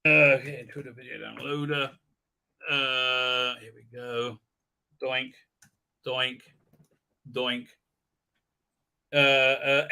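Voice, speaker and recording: A man's voice: mid-range voice, level tone, extremely slow, vocal fry, long pauses, pushed and bright, clear, resonant tone. A man hosting a livestream, giving scornful, sarcastic commentary that halts and restarts often. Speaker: livestream host. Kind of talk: ranting pop-culture commentary.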